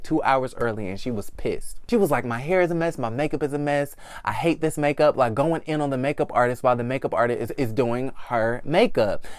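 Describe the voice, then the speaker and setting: Sassy smooth-voiced man dishing gossip. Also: a little high, no echo. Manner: sassy, animated, drops into mock voices for quotes. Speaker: gossip channel host. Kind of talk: casual commentary vlog.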